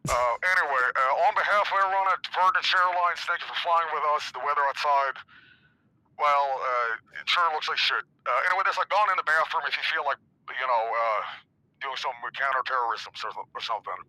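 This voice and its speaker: A man doing an improvised pilot announcement for laughs, polite airline phrasing broken by crude deadpan jokes. His voice is markedly bright and sits a little high, and he keeps a mock-formal cabin-speech delivery throughout. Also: brisk, no room sound, poor audio. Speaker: streamer in a co-op game stream.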